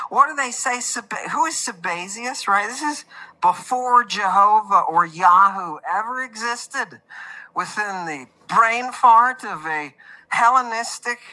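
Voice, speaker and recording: A man hosting a lively livestream lecture, joking and swinging between loud outbursts and muttered asides. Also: high voice, low-quality recording. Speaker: host.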